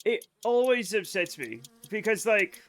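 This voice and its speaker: A man's voice: high-pitched, expressive, unhurried, fairly bright tone. A man streaming a game live, rambling casually to his chat in a self-amused way.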